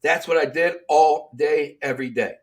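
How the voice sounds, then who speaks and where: A man's voice: on the high side, normal speed. Streetwise Detroit man telling prison stories. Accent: Detroit, Michigan. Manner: streetwise, animated, acts out quoted dialogue. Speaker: interview guest, author. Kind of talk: storytelling in casual interview.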